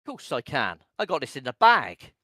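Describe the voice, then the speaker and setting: A man's voice: mid-range voice, wildly swooping pitch, fairly quick, sharp tone, no echo. A man, a racing driver, giving a rambling, joking post-race interview full of teasing banter.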